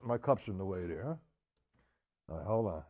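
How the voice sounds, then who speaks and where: A man's voice: deep voice, lively intonation, moderate pace, over loud music. A man teaching a live-streamed drum lesson, counting beats aloud and asking viewers to respond.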